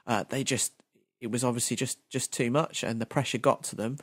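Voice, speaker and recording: A man's voice: medium pitch, steady tone, brisk, fairly bright tone, dry recording, studio quality. A man co-hosting a casual football podcast, thoughtful and analytical as he talks through the matches. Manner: thoughtful, analytical, laughs along. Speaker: podcast co-host.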